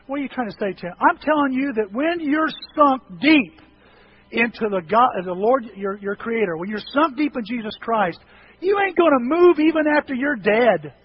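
A high-voiced middle-aged man preaching a sermon, telling animated stories and joking about himself. His voice swings up into sharp peaks when he makes a point. The recording is dull and carries a faint hiss. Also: moderate pace. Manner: animated storytelling, self-deprecating humor. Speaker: pastor. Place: church sanctuary.

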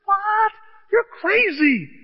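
A man's voice: high-pitched, huge pitch swings, a little fast, breathy edge, full character voice. A man putting on a squealing, panicky big football player. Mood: incredulous. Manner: squealing, incredulous outbursts. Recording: dull, with long hall reverb.

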